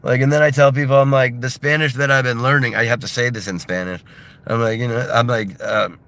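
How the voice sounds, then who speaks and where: Bright-voiced American man chatting loosely. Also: medium pitch, steady tone, a little fast. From United States. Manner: loose and laughing, filler-heavy, mimics voices for comedy. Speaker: livestreamer. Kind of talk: casual rambling chat. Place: in a car.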